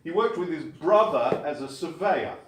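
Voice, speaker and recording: A man's voice: a little high, moderate pace, slight background noise. Guy lecturing, wry storyteller, far off mic in a big echoey hall. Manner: lively storyteller with wry asides. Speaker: guest lecturer. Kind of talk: public lecture on history of science.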